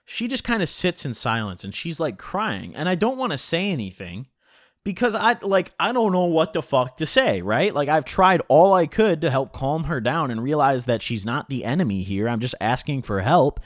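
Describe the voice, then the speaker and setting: A man's voice: mid-range voice, no room sound, studio quality. A man telling a story in a casual vlog, swearing often and filling his talk with "like". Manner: animated, heavy swearing and filler "like". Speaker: storytelling vlogger.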